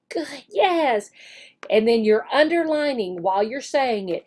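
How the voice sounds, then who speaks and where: A woman teacher walking through a demo English lesson, switching between explaining and slow, exaggerated modeling for a child, with cheerful praise. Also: fairly high pitch, sing-song, darkish tone. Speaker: online English teacher and recruiter.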